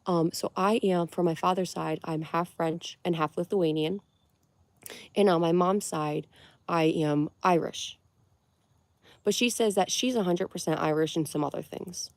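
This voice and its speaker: A woman's voice: fairly low pitch, a little slow, darkish tone, dry recording. Giggly woman chatting on a livestream. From Connecticut, USA. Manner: chatty and giggly, answering chat comments. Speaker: livestream host. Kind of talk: casual livestream chat with viewers.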